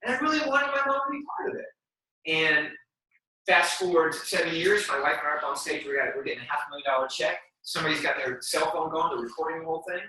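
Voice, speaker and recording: A man in his forties giving a motivational training talk to a group, energetic and slangy, acting out quotes as he goes. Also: a little high, quick pace. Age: 40s. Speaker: sales team trainer. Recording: very echoey room, mic at a distance.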